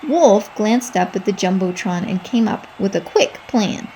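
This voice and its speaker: A woman reading a children's storybook aloud in a lively, expressive way. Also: medium pitch, a little slow, a little hiss or hum.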